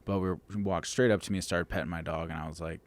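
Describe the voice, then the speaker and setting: A man's voice: sits low, steady tone, rapid-fire. A man talking as a dog trainer and podcast guest in casual chat, blunt and emphatic, swearing freely.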